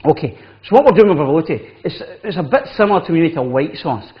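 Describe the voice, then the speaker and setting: A man, a chef, talks quickly through a recipe in a chatty, instructive way. His voice sits a touch high for a man. The recording is muffled and lo-fi, like an old local TV segment. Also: very animated. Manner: chatty, instructive, says "wee" often. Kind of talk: cooking demonstration. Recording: dull lo-fi TV audio.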